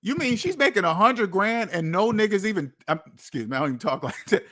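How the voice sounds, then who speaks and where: A man's voice: high voice, big pitch swings, quick pace, fairly bright tone. A man hosting a finance channel, ranting casually, incredulous and repeating lines for emphasis. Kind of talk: casual livestream rant.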